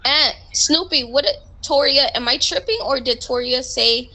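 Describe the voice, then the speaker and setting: A woman's voice: sits high, moderate pace, pushed and bright, low-quality recording. A woman in a roleplay game voice chat, heatedly complaining and confronting a superior. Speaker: roleplay police recruit. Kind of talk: in-character voice chat, arguing.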